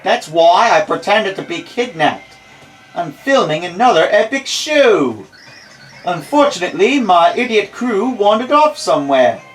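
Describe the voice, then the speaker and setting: A man's voice: high voice, big pitch swings, a little slow, poor audio. A man voicing a boastful, impatient male TV adventure host in a video game, with a put-on Australian accent, reading the lines with theatrical announcer flair and sarcastic asides. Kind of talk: reading game dialogue aloud.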